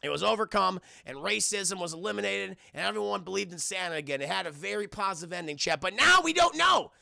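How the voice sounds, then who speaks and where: A man's voice: high voice, fast, gravelly, bright, forceful tone, dry recording, studio quality. A man giving a rambling, profane, casual livestream film review, constantly addressing his chat.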